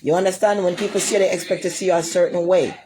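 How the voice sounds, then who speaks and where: A woman's voice: lowish voice, steady tone, quick pace, warm tone, slight background noise. Jamaican woman ranting on a live stream. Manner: rambling and repetitive, loops back over the same points; combative, trades blunt insults with commenters. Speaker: livestreamer. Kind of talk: casual live-stream rant.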